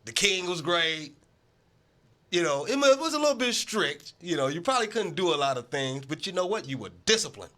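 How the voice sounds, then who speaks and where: A man with a higher, bright, forceful voice that swings widely in pitch as he argues in a casual sports debate. He is animated and emphatic, and he hammers the same point over and over. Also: fairly quick.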